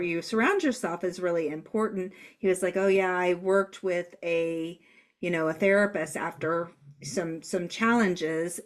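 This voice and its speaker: A woman co-hosting a casual podcast, her voice on the lower side. She speaks softly and affirms what her partner says. Her pace is relaxed and conversational. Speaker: podcast co-host and Human Design coach.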